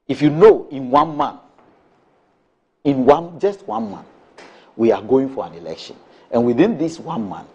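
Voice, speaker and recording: A man's voice: on the high side, darkish tone. A man, a panelist on a morning talk show, arguing emphatically with repeated rhetorical questions. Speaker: political panelist. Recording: dull lo-fi broadcast sound.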